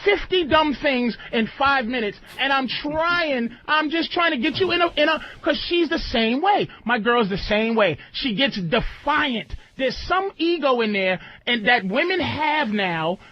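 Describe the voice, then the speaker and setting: A man with a very high voice scolds and lectures a guest in a loud, profane way. The sound is dry and dull, like an archived podcast clip. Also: expressive, unhurried, hardly any pauses, no echo.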